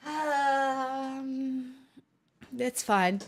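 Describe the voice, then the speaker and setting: A young Australian woman chats casually on a live stream, playful, self-mocking and a little dramatic. Her voice sits high with a fairly bright tone, and she speaks at a measured pace.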